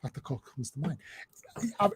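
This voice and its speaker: A man hosting a livestream, chatting casually in a relaxed, rambling way. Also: normal speed, no room sound. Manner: relaxed, rambling, with fillers and laughs. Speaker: livestream host. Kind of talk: casual chat.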